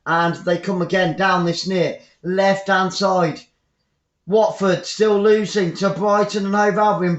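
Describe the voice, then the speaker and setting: High-voiced English football commentator. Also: male voice, echoey room, muffled recording. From England. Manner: chatty, repeats phrases, bursts of excitement. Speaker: fan commentator.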